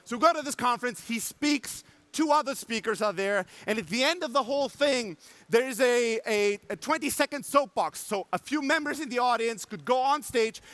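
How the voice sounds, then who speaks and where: A man with a German accent giving an energetic conference talk, acting out quotes and swearing for emphasis. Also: very high voice, no echo. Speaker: conference speaker. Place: conference stage before an audience.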